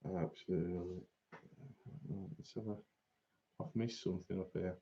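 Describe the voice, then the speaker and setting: A man's voice: deep voice, steady tone, fairly quick, dark tone, highs cut off. A man hosting a fishing channel, chatting casually on a live stream, laughing often and reading out viewer comments.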